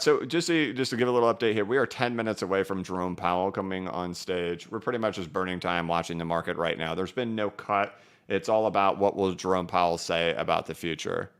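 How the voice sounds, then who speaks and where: A man's voice: low-pitched, a bit bright, smooth. A male crypto livestream host chatting loosely with many fillers while reading out viewer comments.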